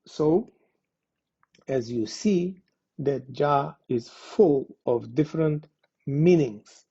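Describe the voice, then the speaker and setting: A man teaching a language lesson, explaining slowly and deliberately, pausing often with fillers. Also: mid-range voice, a little mellow, breathy edge. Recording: dull lo-fi sound.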